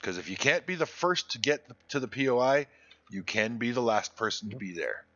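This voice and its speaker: A man's voice: medium pitch, lively intonation, fairly quick, fairly bright tone, lo-fi sound. A man chatting casually and bluntly while streaming a video game, rambling with restarts and crude language. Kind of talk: casual live-stream gaming chat.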